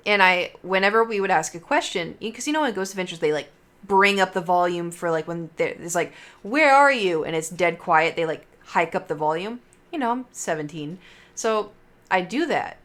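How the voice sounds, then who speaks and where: A young woman streamer tells her chat stories in a casual, rambling livestream, heavy with fillers and swearing. Her voice sits on the low side and is a bit bright, and she speaks at a moderate pace.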